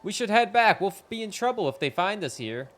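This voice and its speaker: A man's voice: high-pitched, big pitch swings, fairly quick, a bit bright, voice pushed up. A man voicing a cheerful, caring village girl.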